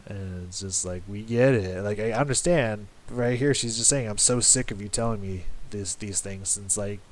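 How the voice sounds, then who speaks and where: A man with a fairly low voice rambles through his reaction to a record, often stopping mid-thought to rephrase and dropping casual swears. A faint hiss sits under the recording. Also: a little mellow. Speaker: music reaction YouTuber.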